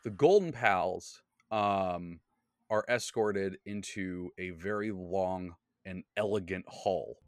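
Taking it slowly in a low-pitched voice, a man looks back on a tabletop game session he ran as game master. His casual podcast storytelling rambles, with many fillers and self-corrections, and there's no room sound.

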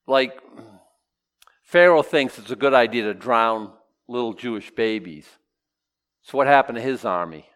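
A man's voice: medium pitch, lively intonation, unhurried, pauses often, fairly bright tone. A man preaching a casual, humorous sermon, stopping to joke and voice imagined objections. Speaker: pastor. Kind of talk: sermon with verse-by-verse teaching.

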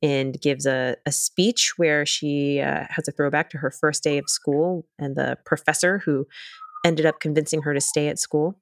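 A woman co-hosting a podcast in casual chat, giving lively commentary on a film. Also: sits low, moderate pace, creaky. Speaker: podcast co-host.

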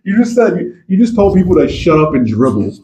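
A man's voice: high-pitched, big pitch swings, brisk, warm tone, slight background noise. A man hosting a casual chat, joking around, swearing freely and laughing often. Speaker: podcast host.

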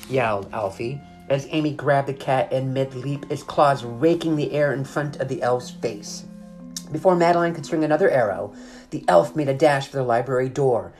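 Brief: mid-pitched audiobook narrator for a kids' fantasy chapter book; steady, expressive read; light guitar bed. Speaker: storyteller. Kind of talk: reading a children's chapter book aloud.

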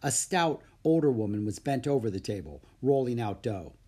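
A man reading a children's book aloud in an expressive storytelling manner. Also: medium pitch, moderate pace, breathy edge. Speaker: narrator.

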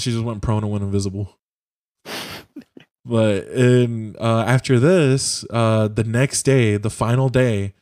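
A man's voice: fairly low pitch, a little mellow, no room sound, clean studio sound. A young man in casual chat on a voice call, rambling through a video game plot with swearing and lots of fillers. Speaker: podcast co-host. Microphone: home mic on a voice call.

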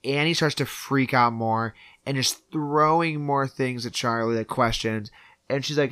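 A man's voice: mid-range voice, normal speed, fairly bright tone, no echo, studio quality. A man casually recapping a movie on a podcast, acting out the characters' lines as he retells the scenes. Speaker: podcast co-host. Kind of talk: casual film recap chat.

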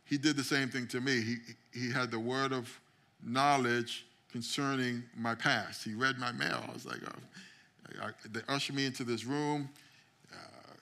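Bright-voiced male pastor preaching. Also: medium pitch, steady tone, moderate pace. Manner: storytelling, acts out quotes, builds to shouting climax. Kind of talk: sermon.

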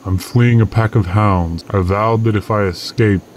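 A secretive masked stranger from a storybook tale, polite and courtly in his old-fashioned phrasing, as a male narrator puts him on. His voice sits very low. Faint insect chirps hum in the background. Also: steady tone, normal speed, natural voice. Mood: courteous, guarded.

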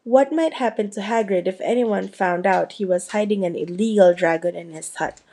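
Woman, storybook narration, steady unhurried reading, mellow warm voice. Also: medium pitch. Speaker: audiobook reader.

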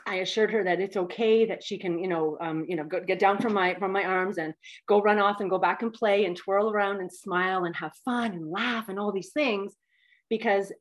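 A woman in her fifties, a guest telling a personal story in a heartfelt, animated way with many fillers. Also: lowish voice. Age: 50s.

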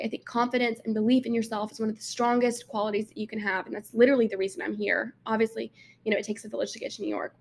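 A young adult woman from Alabama speaks with a Southern accent in a voice that's on the high side, gravelly, and a little mellow. She's an intern vlogger chatting casually to camera, her talk full of "like."

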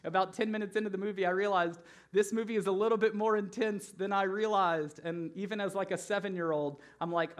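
A man's voice: high-pitched, fairly even intonation, a little fast. A man preaching a sermon as pastor in a casual, conversational way, with frequent fillers.

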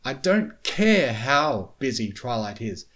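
Casting note: a man doing a young mare unicorn, pushy and frantic, high urgent voice, storybook reading. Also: big pitch swings, slow, a bit bright. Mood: insistent.

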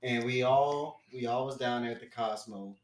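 A young man co-hosting a casual podcast, animated as he tells a story and does the other people's lines. His voice sits mid-range, and the room around him echoes. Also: medium pitch, moderate pace. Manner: animated, acts out quoted voices loudly. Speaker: podcast co-host.

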